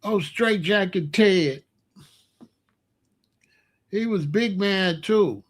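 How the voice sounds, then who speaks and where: High-voiced man ranting on camera. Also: extremely slow. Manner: animated, mocking, laughing, repeating a catchphrase. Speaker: online commentator. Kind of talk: casual ranting commentary.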